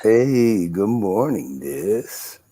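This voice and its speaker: A man with a husky voice, a guest on a livestream panel, joking and flirting in casual chat with lots of laughter. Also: lowish voice, big pitch swings, very slow, dark tone, no room sound. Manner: flirty, teasing, laughs a lot.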